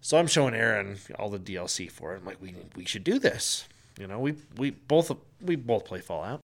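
A man's voice: on the low side, sing-song, fairly quick. A man co-hosting a podcast, telling an exasperated, profane story in a casual rant. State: sick with flu at the time told, not now. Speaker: podcast co-host.

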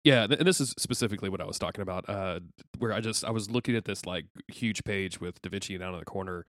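A man with a lowish voice chats about comics as a podcast co-host. He is self-deprecating and laughs often while he talks. The recording is dry and close. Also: fast, a bit bright, no room sound. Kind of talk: casual chat.

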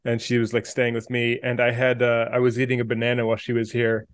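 A man's voice: medium pitch, completely flat delivery, quick pace, smooth, dry recording, studio quality. A man co-hosting a podcast, telling rambling stories in casual chat, stumbling over his words and laughing often. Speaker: podcast co-host.

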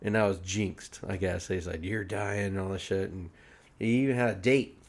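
A man's voice: low-pitched, normal speed. A man hosting a casual podcast, telling stories among friends, acting out the quotes with lots of laughter. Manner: animated, acts out quotes, laughs often. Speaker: podcast host.

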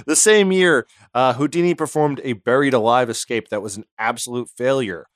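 A podcast co-host tells a story in casual conversation, cracking jokes and dropping into silly put-on voices. His medium-pitched voice moves at a moderate pace, recorded with studio quality and no echo.

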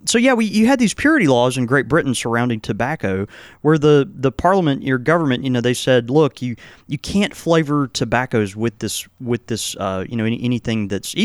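A man talks through a topic in a relaxed, explanatory way, his sentences broken up by fillers and restarts. His voice sits at an ordinary middle pitch. The sound is close and dry. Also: no echo. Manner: halting, many fillers and restarts. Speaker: podcast host. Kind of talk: casual explanatory chat.

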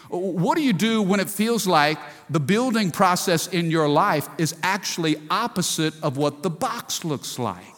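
A man's voice: high-pitched, long reverb tail. A pastor in his forties preaching a sermon, with frequent rhetorical questions calling for the congregation's response. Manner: preacherly, calls for audience response.

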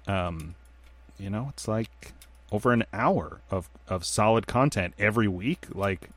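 A man co-hosting a casual podcast, telling stories in a rambling, animated way with lots of fillers. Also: fairly low pitch, a little slow, no echo. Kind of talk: casual chat.

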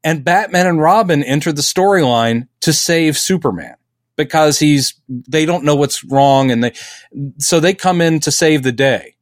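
Middle-aged male podcast co-host, lively and jokey, fairly high pitch, dry recording. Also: moderate pace, no room sound. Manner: animated, acts out quotes in silly voices. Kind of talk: casual chat.

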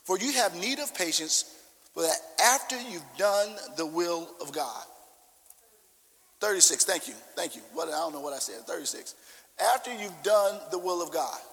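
This preacher's voice sits high, with lively intonation, vocal fry, and a fairly bright tone at a moderate pace. He leads a fervent sermon with congregational prayer, making emphatic, repeated declarations, and a big church hall's long echo surrounds him.

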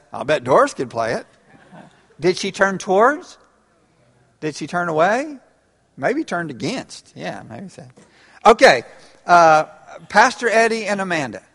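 A pastor with a high, slightly bright voice preaches interactively in church, keeping things conversational and laughing together with his congregation. The recording has the reverb of a church hall.

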